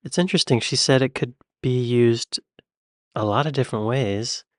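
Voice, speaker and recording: A man's voice: mid-range voice, moderate pace, dry recording, studio quality. An American man hosting a reaction video, thinking aloud in a curious, amused way. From United States. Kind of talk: casual reaction commentary.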